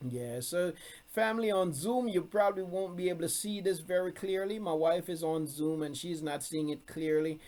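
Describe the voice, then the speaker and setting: A man whose voice is high and darkish in tone, moving at a normal speed, reads scripture aloud to an online congregation. His teaching, streamed by video call from a room, keeps returning emphatically to his key points.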